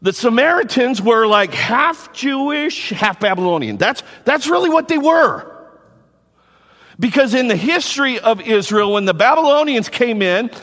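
A middle-aged man preaches a sermon in a high, swooping voice, animated and quick to repeat himself. His words ring out with the long reverb of a large hall. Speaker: pastor.

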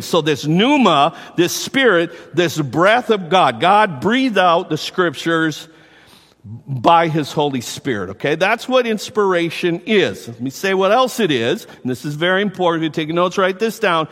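High-voiced preacher in a reverberant hall. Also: male voice, lively intonation, fairly bright tone. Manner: teaching, repeats key words slowly and asks the congregation questions. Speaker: pastor. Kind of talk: sermon.

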